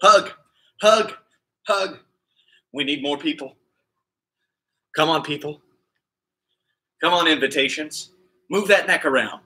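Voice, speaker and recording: A man leading a live kids' exercise class, calling out moves in an energetic, upbeat, nonstop patter while exercising along. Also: a little high, slow pace, pauses often. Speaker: kids' PE coach. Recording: echoey room sound.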